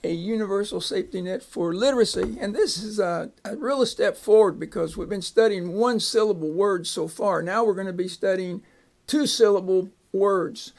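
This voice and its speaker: A man's voice: sits high, moderate pace, gravelly, hardly any pauses. A man teaching a phonics lesson, patiently sounding out words and repeating each one. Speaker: reading teacher.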